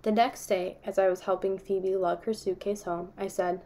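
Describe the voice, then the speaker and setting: Woman calmly reading a novel aloud. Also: mid-range voice, normal speed. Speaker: audiobook reader.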